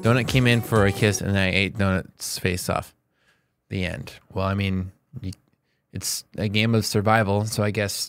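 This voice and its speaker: A man's voice: fairly low pitch, fairly even intonation, normal speed, fairly bright tone. A YouTuber man reading viewer comments aloud and reacting to them with playful, mock-outraged asides. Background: background music.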